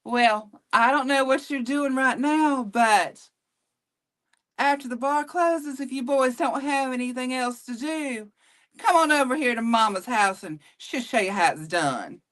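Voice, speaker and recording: A flirtatious Southern cougar drawls slowly and teasingly, her voice pitched a little above the everyday, as a woman puts her on. She is inviting and sly. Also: fairly bright tone. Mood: flirty.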